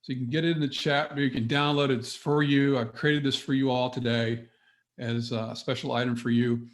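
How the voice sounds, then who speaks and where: A middle-aged man coaching business owners on a webinar, talking straight to his audience in an energetic, motivational way. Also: mid-range voice, a little fast. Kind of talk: webinar presentation.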